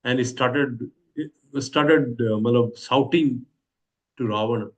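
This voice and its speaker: An Indian-accented man tells a scripture story to a class, often pausing on hesitant fillers and posing rhetorical questions. His voice sits at an ordinary middle pitch for a man.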